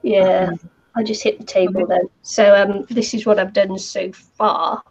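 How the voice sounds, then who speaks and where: A woman's voice: mid-range voice, flat delivery, a little slow, a little mellow, breathy edge, lo-fi sound. A woman from New Zealand hosting a casual craft chat on a video call, muttering self-deprecating asides as she works. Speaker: craft channel host.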